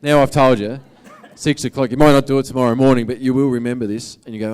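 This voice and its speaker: A man's voice: mid-range voice, steady tone, fast talker, a little mellow, clean tone. A man with an Australian accent giving a motivational talk to an audience, in a casual, earnest, conversational way. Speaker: motivational speaker.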